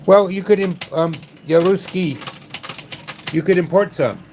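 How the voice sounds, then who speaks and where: A man's voice: high voice, measured pace, background noise. A man hosting a livestream from a gaming club, chatting casually and joking with viewers. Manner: wry, joking with chat. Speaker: livestream host.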